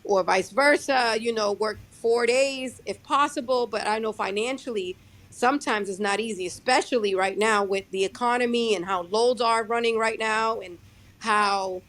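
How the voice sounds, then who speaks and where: A young adult woman who drives her own truck, talking casually in a podcast interview, halting and restarting her sentences often. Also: fairly high pitch, a bit bright. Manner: halting, many restarts and fillers. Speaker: guest, owner-operator truck driver.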